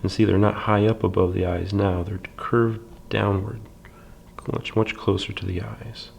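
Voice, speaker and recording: Calm and patient, a man walks learners through a drawing lesson at a library, step by step, with plenty of fillers and quiet half-whispers as he draws. He speaks unhurriedly in a lowish voice with vocal fry.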